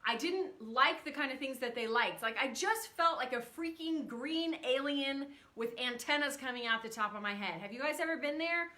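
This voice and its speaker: A woman's voice: sits high, moderate pace, few pauses, pushed and bright. A woman in her thirties hosting a casual livestream from a room at home, chatty and emotional, greeting viewers by name as she talks. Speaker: livestream host.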